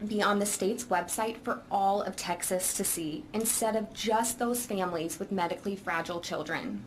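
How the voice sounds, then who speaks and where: Woman, parent giving committee testimony; earnest, emotional, measured delivery, faint background noise. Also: mid-range voice, low-quality recording. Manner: earnest, emotional, slow and deliberate. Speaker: parent testifying at a legislative hearing. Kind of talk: reading prepared testimony.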